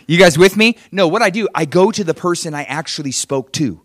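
Animated male preacher, dry sound. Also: on the high side, a little fast, dry recording. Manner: animated preaching, swings from loud emphatic to soft and hushed. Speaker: pastor. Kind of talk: sermon.

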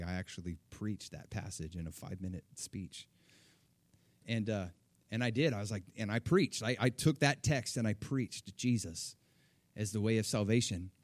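A middle-aged man preaching, telling a personal story with animated, acted-out quotes. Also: fairly low pitch, no room sound. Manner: animated, acts out quoted voices. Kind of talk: sermon storytelling.

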